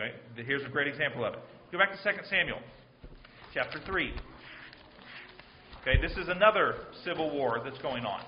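A man's voice: fairly high pitch, a little hiss or hum. A man preaching a sermon, earnest and pleading, with a habit of repeating phrases. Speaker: pastor. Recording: roomy, slightly dull sound.

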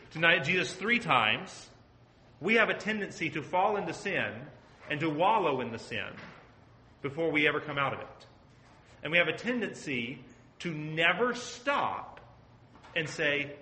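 Earnest man preaching, bright voice. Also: on the high side, lively intonation, normal speed, slight background noise. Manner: earnest, asks the group questions. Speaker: pastor teaching a Bible study. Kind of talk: conversational sermon. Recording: echoey room.

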